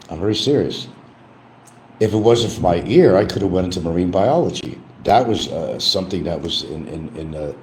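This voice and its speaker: An older man rambles through a casual livestream chat in a deep, low voice that swings up and down a lot. He keeps coming back to a teasing sing-song catchphrase. A faint hum of ambience sits behind him. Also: darkish tone, low-quality recording. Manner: rambling, repeats his catchphrase with a mock sing-song lift; frequent restarts and trailing asides. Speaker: livestream host.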